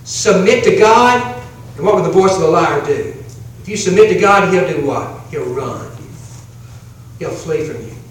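A man preaching an evangelistic sermon, pleading and repetitive, moving between hushed and emphatic lines. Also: a little high, expressive, normal speed, long pauses, slight background noise. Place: church sanctuary. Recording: very echoey, from a distance.

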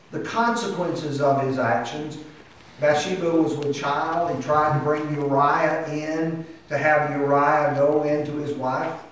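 A man's voice: on the high side, a little hiss or hum. A man preaching a sermon with impassioned delivery that climbs to emphatic peaks. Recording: echoey hall heard from a distance.

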